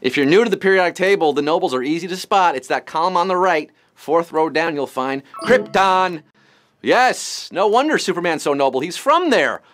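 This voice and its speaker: A man's voice: on the high side, lively intonation, normal speed, a bit bright, faint music behind. A man hosting a live trivia game, rattling off questions with puns, jokes and sudden silly voices. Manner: punning, jokey, bouncy delivery with sudden silly voices. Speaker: quiz show host.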